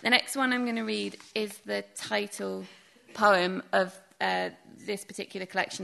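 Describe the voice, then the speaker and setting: A woman's voice: medium pitch, fairly even intonation, moderate pace, creaky, a bit bright. A young woman from England, reading her own poems aloud and adding wry, chatty asides between them. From Northeast England. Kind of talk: live poetry reading.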